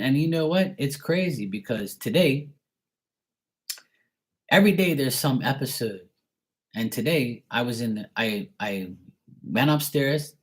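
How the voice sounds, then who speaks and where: A man in a rambling personal rant, swearing often and repeating himself heatedly. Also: mid-range voice. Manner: profane, heated and repetitive. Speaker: vlogger.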